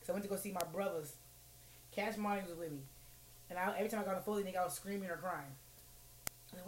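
Woman talking fast on a podcast, cussing a lot, acting out what people said, little bit of hiss. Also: mid-range voice. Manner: animated, profane storytelling with acted-out quotes. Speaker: podcast co-host telling a story. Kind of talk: casual chat.

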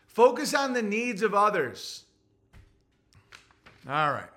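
High, bright-voiced man ranting bluntly. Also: very animated, slow pace. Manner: blunt, crude, lecturing. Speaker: livestream host. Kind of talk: ranting livestream monologue.

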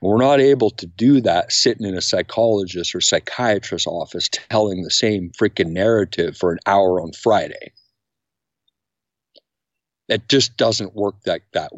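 A middle-aged man speaking as a podcast guest, energetic and acting out quotes with big jumps in pitch. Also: no room sound. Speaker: podcast guest, camp founder. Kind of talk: animated interview talk. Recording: dry, slightly dull sound.

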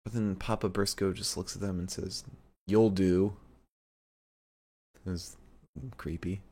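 A man's voice: low-pitched, fairly even intonation, moderate pace, husky. A man co-hosting a podcast, recapping a show in rambling casual chat with lots of fillers and laughs. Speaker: podcast co-host.

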